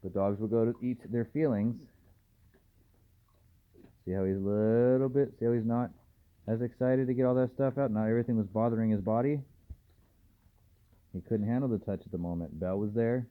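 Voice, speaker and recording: A man, a dog trainer, filming a casual vlog at home at night and softly murmuring to calm his dogs between remarks to the camera. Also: on the low side, normal speed, pauses often. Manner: soft, soothing murmurs to the dogs. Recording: tinny phone-like audio, faint hiss.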